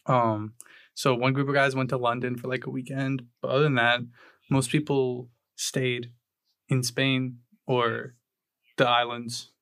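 A man's voice: mid-range voice, little pitch movement, a little slow, a bit bright, clean tone, dry recording. Male co-host, laid-back, dry close sound. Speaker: podcast co-host. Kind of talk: casual chat.

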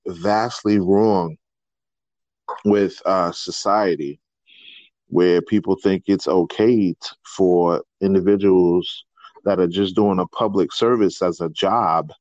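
A man with a very deep voice talks on a podcast, animated and storytelling, his pitch jumping up when he gets excited. The recording is dull and lo-fi. It sounds dry and close. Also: slow pace, no echo. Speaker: podcast co-host. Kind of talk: casual discussion.

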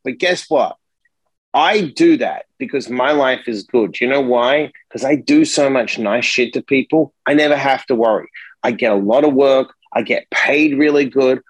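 A man's voice: mid-range voice, breathy edge, no room sound, rough recording. Middle-aged man, casual podcast guest, emphatic and swearing, dry close sound. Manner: emphatic, profane, animated storytelling.

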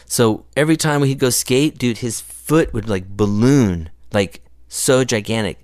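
A man's voice: mid-range voice, measured pace, darkish tone, no echo, clean studio sound. A man telling stories in casual chat, rambling and slangy, full of asides. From California. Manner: laid-back, rambling storyteller with slangy asides. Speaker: skate photographer guest.

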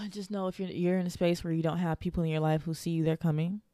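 Young woman host, warm earnest encouragement, dry close mic. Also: fairly low pitch, steady tone, fast, dry recording. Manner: earnest, encouraging, faith-filled. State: out of breath. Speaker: podcast host. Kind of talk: solo podcast monologue.

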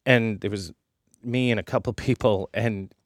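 A man's voice: fairly low pitch, steady tone, normal speed, no room sound. A middle-aged man, a chef guest in a radio studio, explaining his cooking with confidence and often checking in with "right?". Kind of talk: cooking demo chat.

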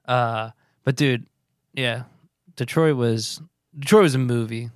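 A man's voice: medium pitch, takes it slowly, no echo, studio quality. A man, co-hosting a podcast in casual, rambling chat, trailing off and restarting his sentences. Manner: laid-back, rambling, many restarts. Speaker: podcast co-host, touring musician.

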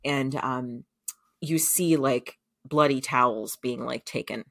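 Young adult female podcast co-host, deep low voice, casual storyteller, filler-heavy, laughs easily. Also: fairly even intonation, measured pace. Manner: chatty, many fillers, laughs often.

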